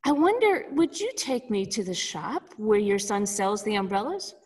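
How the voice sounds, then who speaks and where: Calm old sage, as a woman preacher puts him on. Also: mid-range voice, normal speed, husky, long reverb tail. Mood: gentle. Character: wise old male sage, calm and kind.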